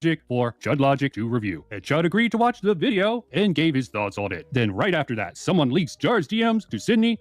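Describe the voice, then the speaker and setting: A man narrating events in a scripted commentary video, recounting in a measured way. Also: medium pitch, no room sound.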